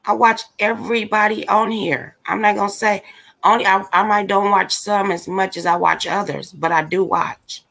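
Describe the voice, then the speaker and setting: A woman's voice: mid-range voice, steady tone, normal speed, gravelly, a bit bright. A woman hosting a casual livestream, ranting bluntly and with exasperation straight to her viewers. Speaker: livestream commentator.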